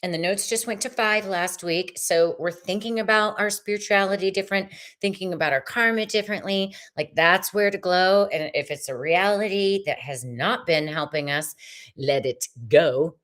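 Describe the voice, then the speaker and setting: A woman's voice: fairly low pitch, moderate pace, a bit bright. A woman hosting a live tarot reading stream, chatting casually and effusively with viewers as she pulls cards.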